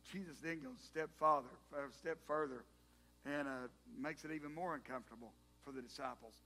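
A male preacher retells a story from scripture in his sermon, lively and joking with the congregation. His voice sits high and comes across forceful and bright. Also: a little fast. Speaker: pastor.

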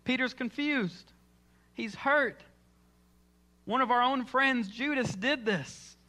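Guy preaching in church, acts out the story, bright high voice. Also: slow. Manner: dramatic storytelling, acting out quoted lines. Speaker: pastor. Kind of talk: sermon.

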